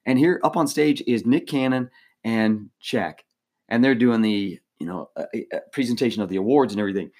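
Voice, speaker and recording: A man co-hosting a podcast, telling a story in a casual, animated way, laughing often and full of fillers and restarts. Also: medium pitch, a little fast. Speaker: former team mascot, podcast co-host.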